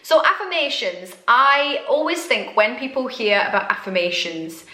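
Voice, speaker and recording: A woman's voice: fairly high pitch, big pitch swings, normal speed, music in the background. A British woman working as a self-development coach, talking to camera in a chatty, straight-talking, self-deprecating way. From Britain. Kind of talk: casual talk to camera. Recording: echoey room.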